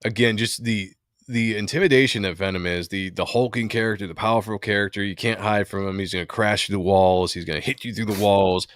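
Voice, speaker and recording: A man's voice: lowish voice, fairly even intonation, fairly quick, fairly bright tone, dry recording, clean studio sound. A man hosting a casual podcast, talking with enthusiasm about comic art. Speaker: podcast host.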